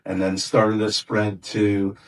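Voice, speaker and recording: A man's voice: fairly low pitch, completely flat delivery, takes it slowly, recorded from a distance, rough recording. A man, a former record company executive, telling anecdotes in an interview, rambling with many fillers and restarts.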